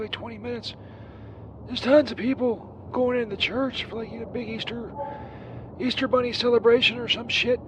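A man's voice: extremely high pitch, noisy background. A man voicing a crude, burned-out Saint Peter who rambles profanely through a comedic voicemail. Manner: rambling, profane, distracted, lots of fillers.

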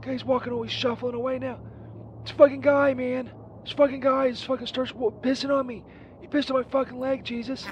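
A man's voice: extremely high pitch, flat delivery, fairly quick, slight background noise. A man voicing a crude, hapless male wanderer who rambles and swears easily, heard as a phone voicemail. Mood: furious. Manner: foul-mouthed, rambling, easily riled. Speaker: recurring show character. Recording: dull muffled voicemail line.

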